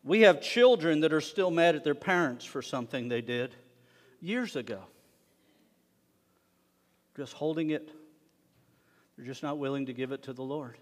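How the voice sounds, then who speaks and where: A man preaching a sermon to his congregation, animated, swinging between loud emphasis and hushed asides. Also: a little high, moderate pace, pauses often. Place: synagogue sanctuary. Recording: long reverb of a worship hall.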